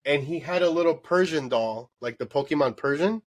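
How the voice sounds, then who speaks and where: A man hosting a casual late-night podcast, telling an animated story with lots of swearing and laughter. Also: on the high side, brisk. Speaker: podcast host.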